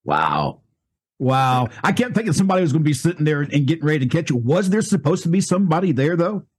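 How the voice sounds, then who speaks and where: A male host with a husky, slightly high voice leads the interview. His pitch swings widely as he prompts his guest and reacts to the answers. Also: big pitch swings, fast talker. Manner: prompting, reacting, laughs along. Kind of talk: interview questions.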